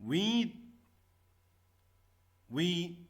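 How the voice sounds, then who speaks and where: Guy teaching a class, kinda high voice, pitch bouncing all over, repeats every word. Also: sing-song, extremely slow. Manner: repeats each word, stresses syllables loudly. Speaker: English teacher. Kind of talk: slow classroom lesson.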